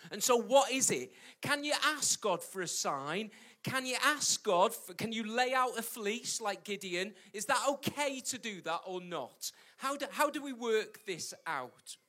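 A man's voice: sits high, sharp tone. A British man preaching a sermon, emphatic and repeating his key points, with jokey asides. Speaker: pastor.

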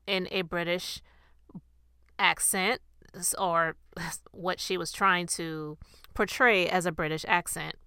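A woman's voice: on the low side, sharp tone, clean tone, no room sound, clean studio sound. A woman podcast host giving chatty, opinionated commentary with emphatic stress. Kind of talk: casual commentary.

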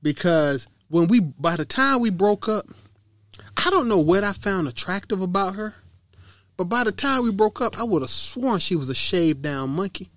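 A man co-hosting a casual comedy talk show, joking loudly with frequent laughter. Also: high-pitched, lively intonation, normal speed, no room sound. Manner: loud, joking, bursts of laughter. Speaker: podcast co-host.

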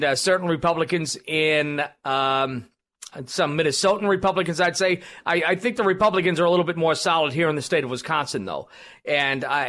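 A man's voice: on the high side, pushed and bright. A man hosting a political talk radio show, rambling with many fillers and restarts. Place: radio studio.

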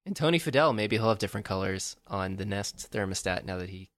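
A man co-hosting a podcast in casual chat, rambling and joking with lots of fillers and restarts, often jumping up in pitch when amused. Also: lively intonation, fast, dry recording. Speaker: podcast co-host.

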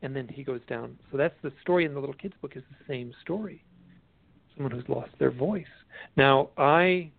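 A man, a guest author, telling stories in a casual interview, animated and often restarting his sentences, heard over a phone line. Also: mid-range voice, normal speed, vocal fry, no echo. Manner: animated storyteller, restarts a lot. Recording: tinny dry phone line.

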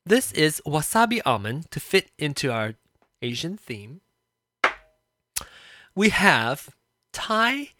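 A woman's voice: low-pitched, sing-song, slow, pauses often, bright, forceful tone. A woman co-hosting a podcast, chatting casually in a teasing, playful way. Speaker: podcast co-host. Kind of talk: casual chat.

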